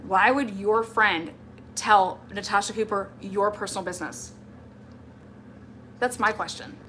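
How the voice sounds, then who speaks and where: Speaking at a measured pace, this woman has a medium-pitched, somewhat bright voice, with a faint hiss or hum behind her. She's hosting a livestream and angrily addresses an absent person directly, clearly fed up and ready for a fight.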